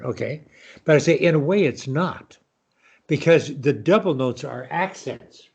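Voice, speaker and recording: An older man teaching piano over a call, patient and explanatory. His voice sits a little high for a man, and he counts beats out loud as he demonstrates. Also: moderate pace, dull audio. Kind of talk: online piano lesson.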